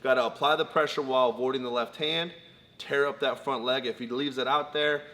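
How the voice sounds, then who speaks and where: A man co-hosts a casual fight breakdown as an analyst, setting out his points methodically and in order. His medium-pitched voice is steady, bright and forceful at a slightly fast pace, recorded with long reverb and faint background noise.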